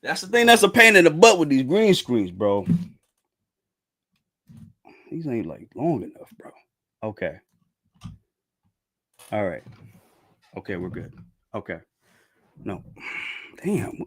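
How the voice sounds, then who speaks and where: A man's voice: mid-range voice, slow pace, pauses often. Hyped up guy reacting to manga on stream, slangy, voice jumps all over the place. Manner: excitable, loud outbursts, slangy, repeats himself. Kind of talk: excited live reaction, reading manga aloud. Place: home streaming setup with green screen.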